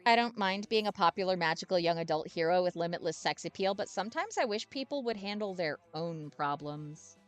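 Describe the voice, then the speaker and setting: A woman voicing a tired, deadpan teenage witch girl in a game playthrough. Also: fairly quick, hardly any pauses, no echo, natural voice. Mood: weary. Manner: low, weary, flat.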